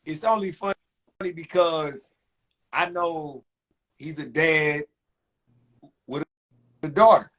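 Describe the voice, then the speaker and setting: Animated man talking shop. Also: fairly high pitch, slow, long pauses. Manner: animated, repeats words when starting a point. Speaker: podcast host and barber. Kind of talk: casual chat. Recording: phone-streamed live chat.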